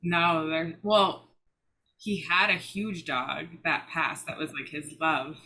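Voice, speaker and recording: A woman client speaking softly with brief, quiet answers. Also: sits low, fairly even intonation, slow. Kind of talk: casual conversation.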